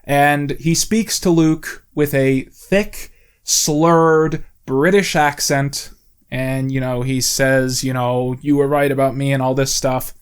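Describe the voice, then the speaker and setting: A man's voice: medium pitch, steady tone, slow, smooth. A man talking off the cuff into a close mic, explaining at length in a casual, rambling way with many "you know"s and "like"s. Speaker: video essay host.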